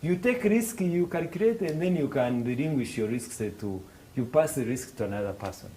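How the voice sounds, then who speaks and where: A man's voice: mid-range voice, normal speed, slight background noise, rough recording. A man with a Rwandan English accent explaining financial markets to students, acting out little dialogues and restarting his phrases. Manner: animated, acts out dialogues in raised voices, hesitant restarts. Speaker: financial literacy instructor. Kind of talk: classroom explanation with acted examples.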